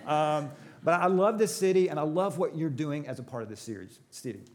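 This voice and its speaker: A man's voice: a little high, animated, a little fast, darkish tone. A middle-aged man preaching a sermon in a church auditorium, telling stories with jokes and asking the audience questions. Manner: joking, crowd-engaging storytelling. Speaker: pastor.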